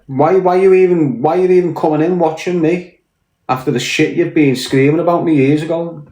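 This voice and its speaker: On a casual livestream, a Liverpool man with a Scouse accent rants and swears bluntly, mentally tired from hours on air. His voice is fairly high with a dark tone and fairly even intonation, at a moderate pace, in an echoey room.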